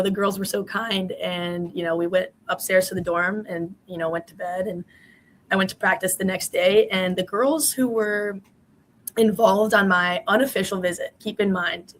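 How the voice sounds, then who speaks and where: A woman's voice: medium pitch, fairly bright tone, rough recording. A woman in her twenties, a former college swimmer, answering interview questions in a chatty way with many fillers.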